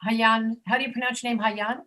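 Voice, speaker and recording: A woman teaching an online English pronunciation class, patiently demonstrating sounds slowly and repeating them. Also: fairly high pitch, flat delivery, pushed and bright. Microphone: video call.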